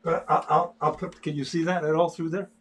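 His voice sits a little high, with a level tone and a slightly rough texture, moving at a somewhat fast clip. An older artist, he chats casually on a livestream while sketching, stopping and starting and repeating words.

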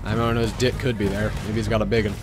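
A young man doing loud, profane, excitable commentary while playing a video game. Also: on the low side, fast talker, music in the background. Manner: profane, excitable trash talk. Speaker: gaming streamer. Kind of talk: gameplay commentary.

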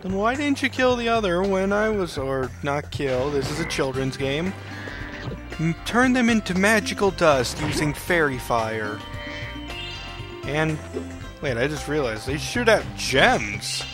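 A man's voice: on the high side, very animated, a little slow. Goofy young man commenting over game music. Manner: goofy, joking asides to the viewer. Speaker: let's play host. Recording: game music playing underneath.

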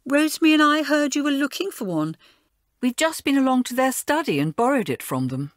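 A woman's voice: high-pitched, big pitch swings, a little fast, no room sound, studio quality, voice pushed up. A woman voicing a sensible schoolgirl who speaks solemnly and soothingly.

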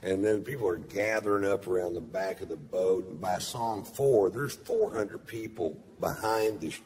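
A middle-aged man, telling a profane, deadpan story in stand-up, on a live stage with a handheld mic. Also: low-pitched, normal speed. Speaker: stand-up comedian.

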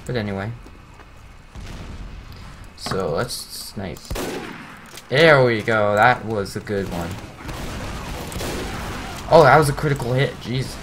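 A young man giving casual, rambling commentary over his own gameplay, teasing himself and breaking into excited outbursts. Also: on the low side, takes it slowly, pauses often, noisy background.

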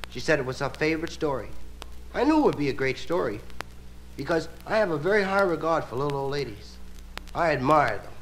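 Male stand-up comic, lively high delivery, relaxed drawl; live album with tape hiss. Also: a little fast. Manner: relaxed drawling, playful asides. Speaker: stand-up comedian. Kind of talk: stand-up comedy storytelling. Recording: hissy live album recording.

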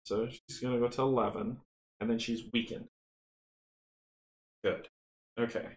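A man casually running a board game playthrough, chatty and excitable, counting dice rolls aloud. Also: mid-range voice, a little slow. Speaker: tabletop game runner and player. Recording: roomy echo, faint noise.

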